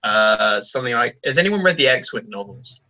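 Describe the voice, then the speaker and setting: A man on a casual podcast telling stories in an animated, lively way. His voice sits mid-range in pitch with a bright edge. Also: normal speed, a little hiss or hum, low-quality recording. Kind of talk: casual group chat.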